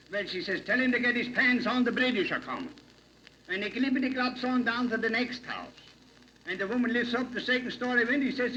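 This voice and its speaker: A man's voice: high voice, pushed and bright. A man playing a rambling old Pennsylvania Dutch professor who tells jokes in dialect, on a dull, hissy old recording. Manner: folksy, rambling joke-telling in dialect. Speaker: comic monologue character. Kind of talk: vintage comedy routine.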